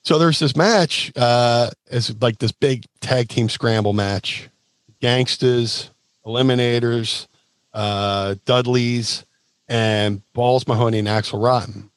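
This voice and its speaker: Man, guest storyteller, animated, acts out voices, dry close sound. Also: mid-range voice, slow pace, no room sound. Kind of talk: casual storytelling.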